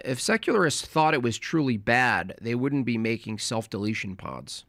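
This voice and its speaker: An American man giving sarcastic, argumentative commentary on a debate clip, speaking in rapid bursts. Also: mid-range voice, big pitch swings, a bit bright, no room sound. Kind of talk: casual commentary.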